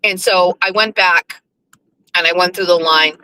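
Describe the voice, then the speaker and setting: A woman's voice: lowish voice, steady tone, unhurried, bright, forceful tone, poor audio. A woman hosting a show, telling a casual story in a chatty, profane way full of fillers. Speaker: radio show host.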